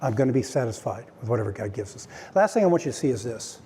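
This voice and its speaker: In a church sanctuary, a pastor delivers a conversational sermon to his congregation, often stammering and restarting. His voice is medium-pitched, sing-song and mellow, and he talks fast. The recording carries a long hall reverb and faint noise.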